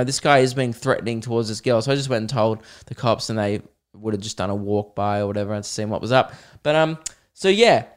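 An Australian man hosting a podcast, telling a comic story in a lively, self-mocking way and acting out the people in it. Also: mid-range voice, clean tone. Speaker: podcast host, comedian.

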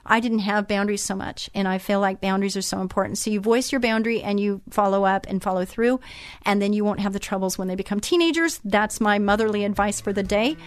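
A middle-aged woman hosting a radio show, chatting in a motherly way with many fillers and restarts. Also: mid-range voice. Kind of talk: casual chat.

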